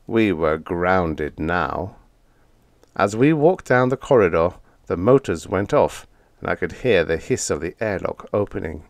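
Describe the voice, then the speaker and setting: A man narrating a comic story in the first person, expressive and even-paced. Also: low voice, measured pace, creaky, no echo. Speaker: audiobook narrator.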